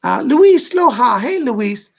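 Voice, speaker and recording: A man's voice: very high voice, very animated, takes it slowly, gravelly. A man hosting a live stream as a psychic medium, chatting with viewers and relaying messages with many "she said" asides.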